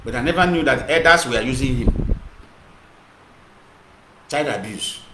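This activist broadcaster, a man with a Nigerian Igbo accent, talks a little slowly in an animated, medium-pitched voice. He delivers an impassioned monologue that mixes English and Igbo and circles back on itself, recorded in an echoey room with clear noise.

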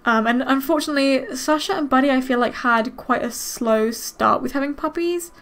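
This is a young woman with a high, bright-sitting voice narrating her game session. She chats casually, wonders aloud about what is happening on screen and breaks into excited gasps. Her delivery stays lively and unscripted. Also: normal speed. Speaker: gaming host. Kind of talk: casual let's-play commentary.

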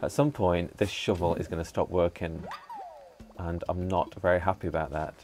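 A man giving casual commentary while playing a video game, chatting to himself and to the characters with excitable bursts. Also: low voice, normal speed. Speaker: gaming channel host. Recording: faint background music.

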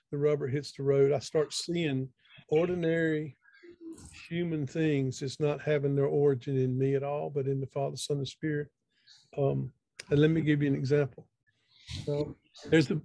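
A man's voice: on the high side, vocal fry, warm tone, no echo. A middle-aged man, telling a story in a folksy, conversational way over a video call, often repeating words as he thinks. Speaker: speaker. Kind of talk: storytelling talk.

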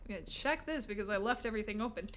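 A woman streaming a game live, excitable and talking to herself and the chat, laughing and swearing often. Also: medium pitch, rapid-fire, a little hiss or hum. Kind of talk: live gameplay commentary.

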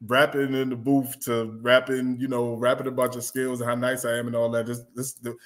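A man's voice: medium pitch, level tone, fairly quick. A man co-hosting a casual chat, talking loosely, laughing often and trailing off mid-thought. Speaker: podcast co-host. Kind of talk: casual chat about rap.

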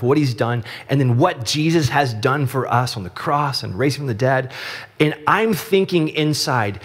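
A man from Texas preaching a sermon as pastor, telling stories in a conversational, animated way. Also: moderate pace, long reverb tail. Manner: conversational storytelling, animated rises in pitch. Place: church sanctuary.

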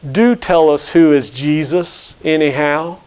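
A man's voice: fairly high pitch, unhurried, a little mellow, clear, resonant tone, close to an everyday voice. A man reading as Sambo, remorseful penitent man. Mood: wondering.

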